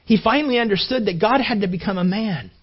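A man's voice: high voice, fast, breathy edge. A man preaching a sermon, telling a story in an earnest way and repeating words as he builds. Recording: dull lo-fi recording.

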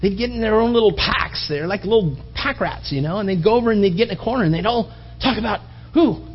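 A man preaching a sermon in an animated, mocking way, building to emphatic appeals. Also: sits high, fast talker, slightly rough, highs cut off, faint music behind. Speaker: pastor.

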